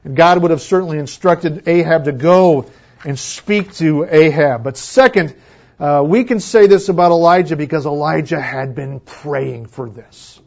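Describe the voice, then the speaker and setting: A man preaches a sermon to his church in a high voice, rising to loud exclamations and dropping to hushed near-whispers. The recording sounds dull and lo-fi. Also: a little slow, vocal fry. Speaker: pastor.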